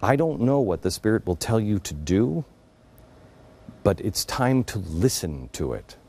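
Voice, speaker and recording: Middle-aged male talk host, low and mellow, earnest confiding monologue with a lively, swinging delivery. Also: unhurried, breathy edge. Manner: earnest, confiding, with sudden drops to a hush. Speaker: radio and TV show host. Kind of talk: monologue storytelling.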